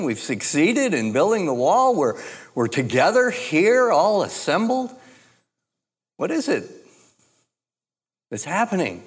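A man preaching a sermon as pastor, speaking in a measured, deliberate way with frequent restarts. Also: high-pitched, big pitch swings, husky. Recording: long hall reverb.

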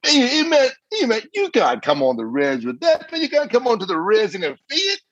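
A man voicing teasing young male warriors who jeer at him, in a high mocking drawl. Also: wildly swooping pitch, a little fast, a bit bright, no echo, muffled recording, heavily acted.

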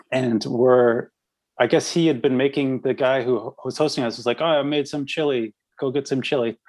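A man in casual podcast chat, spinning an old band anecdote with plenty of laughter. His voice sits at an ordinary middle pitch, and his delivery is lively and unpolished. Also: low-quality recording. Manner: animated, laughing through anecdotes. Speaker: podcast guest, former band member.

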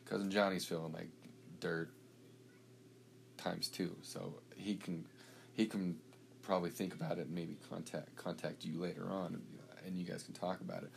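A man's voice: low-pitched, moderate pace, gravelly, a little hiss or hum. A man co-hosting a casual faith podcast, talking loosely and repeating words as he goes. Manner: relaxed, repeats words as he talks. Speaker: podcast co-host.

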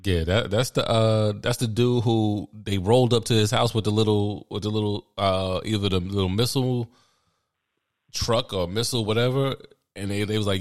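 A man's voice: on the low side, normal speed. A man co-hosting a podcast, telling a story casually, laid-back and slangy, laughing now and then. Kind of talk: casual chat.

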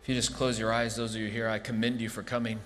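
A male pastor leading an altar call and praying scripture over a congregation, moving from soft, hushed invitation to fervent proclamation. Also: lowish voice, little pitch movement, quick pace. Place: church sanctuary. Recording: large hall reverb with soft music behind.

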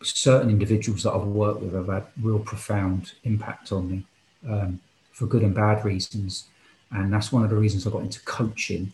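A rather low-voiced man speaks as a guest on a casual podcast. He talks earnestly and with feeling, thinking aloud. The recording has a roomy echo with faint background noise. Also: a little mellow. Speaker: football and futsal coach.

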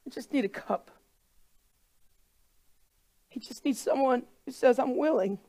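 A woman's voice: sits high, a little slow. A woman preaching a sermon to a congregation in a church room, impassioned and repeating herself for emphasis. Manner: impassioned, building to loud crying pleas.

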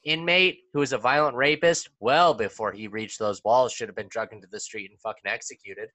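A man's voice: medium pitch, brisk, bright, forceful tone, dry recording. A young adult man hosting a podcast, talking in a heated, profane way. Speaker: podcast host. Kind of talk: casual podcast chat.

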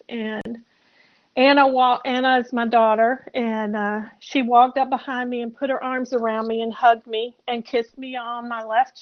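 Older woman, from South Carolina, soft halting delivery, fairly high flat voice, muffled lo-fi audio. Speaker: podcast guest. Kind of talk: personal storytelling interview.

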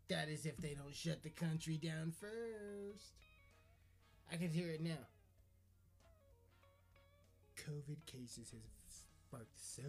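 A man's voice: on the high side, a little mellow. Crude, sarcastic male podcast ranter. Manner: crude, sarcastic, swearing freely. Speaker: podcast host. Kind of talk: profane comedic rant.

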